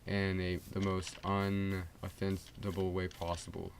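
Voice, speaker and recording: A man's voice: low voice, completely flat delivery, measured pace, vocal fry. A teenage male streamer rambling casually while playing a game, full of fillers and restarts. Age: teens. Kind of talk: rambling gameplay livestream chat. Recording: loud background noise.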